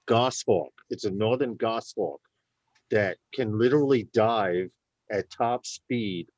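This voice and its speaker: Low-voiced man telling a story. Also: slow pace, a little mellow, no room sound, highs cut off. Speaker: co-host. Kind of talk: casual live show talk.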